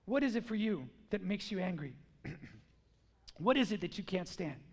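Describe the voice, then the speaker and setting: A man's voice: high-pitched, big pitch swings, a little slow, darkish tone, breathy edge. A man preaching a sermon with emphasis. He asks the congregation questions and acts out quotes.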